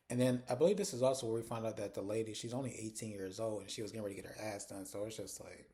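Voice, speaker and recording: A man's voice: on the low side, fairly even intonation, very fast, few pauses, mellow. A man hosting a casual recap of TV episodes, chatty and conversational, retelling scenes with lots of "like". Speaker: TV recap host.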